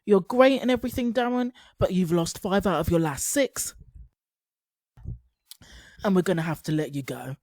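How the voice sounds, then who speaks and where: A woman's voice: fairly low pitch, moderate pace, pauses often, darkish tone, no room sound. A woman playing a blunt, swearing male fight-company boss in a brusque, matter-of-fact tone.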